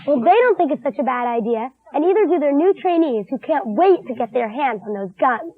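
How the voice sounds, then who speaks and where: A woman's voice: high-pitched, animated, brisk, slight background noise. A female co-host chatting casually about a movie she reviewed, giggly and full of "like". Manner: chatty and giggly, says "like" a lot. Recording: tinny lo-fi 1980s TV broadcast.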